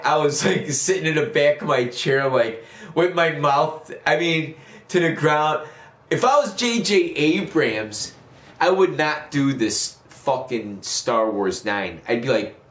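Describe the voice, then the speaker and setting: A man's voice: mid-range voice, a bit bright, echoey room. A man chatting casually on a gaming livestream, rambling through a profane rant with lots of restarts and fillers. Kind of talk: casual chat while streaming.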